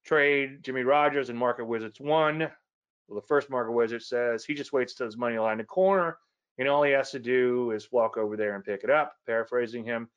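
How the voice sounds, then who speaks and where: A man's voice: medium pitch, brisk, fairly bright tone, smooth. A man giving a casual trading lesson, chatty and rambling, often correcting himself mid-sentence. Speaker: trading educator. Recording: slightly dull lo-fi audio.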